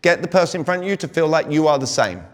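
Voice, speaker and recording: A man's voice: fairly high pitch, fast. British man, coach with hall reverb. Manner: energetic, fires rhetorical questions at the crowd. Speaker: communication coach speaking to a sales audience. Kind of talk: live seminar talk. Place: large hall with an audience.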